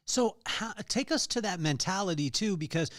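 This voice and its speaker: A man's voice: high voice, expressive, normal speed, a bit bright, dry recording. A man hosting a podcast, asking playful, joking questions in a casual interview. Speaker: podcast host.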